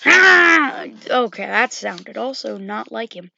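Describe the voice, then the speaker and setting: Woman, casual rambling game commentator, bright tone, dull dry home recording. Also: a little high, lively intonation, measured pace. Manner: rambling, full of "you know" and self-corrections.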